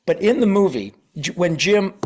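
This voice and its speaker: Middle-aged man, voice-actor guest, animated raconteur with a lightly raised pitch. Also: normal speed. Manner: animated, acts out quoted voices. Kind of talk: casual interview storytelling.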